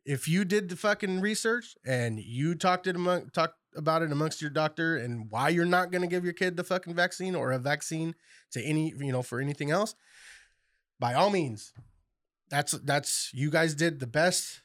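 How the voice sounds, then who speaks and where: A man's voice: a little high, normal speed, fairly bright tone, no room sound, clean studio sound. A man in casual podcast chat, swearing constantly and getting worked up as he rants.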